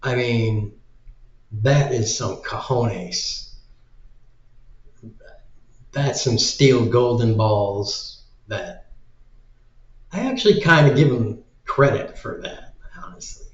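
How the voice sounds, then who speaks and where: A man ranting in slow, drawn-out bursts, sarcastic and exasperated, swearing freely. His voice sits in the middle range. The recording has a roomy echo and a slightly dull, muffled tone. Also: medium pitch, expressive. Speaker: video commentator. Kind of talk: casual ranting commentary.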